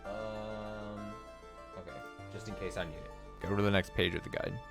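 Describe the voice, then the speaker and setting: A man hosting a let's play, reading game text aloud with wry, deadpan asides, over game music. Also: fairly low pitch, moderate pace.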